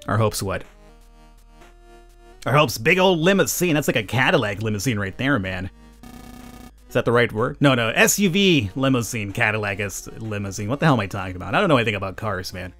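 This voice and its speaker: A man hosting a let's play, commenting on a game in an animated, joking way and laughing often. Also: mid-range voice, fairly quick, soft background music. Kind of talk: gameplay commentary.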